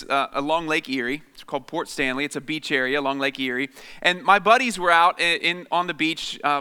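Bright, chatty man in a reverberant hall. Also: a little high, clean tone. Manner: chatty, self-deprecating, many fillers. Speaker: guest speaker. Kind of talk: humorous personal storytelling to an audience. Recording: long reverb of a large hall.

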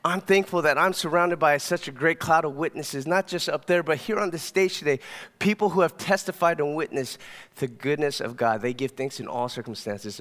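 A man's voice: mid-range voice, fairly bright tone. A man preaching a sermon on a church stage, slightly out of breath, building to fervent emphasis and closing in prayer. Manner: demonstrates lifting a weight on stage, rising to fervent emphasis.

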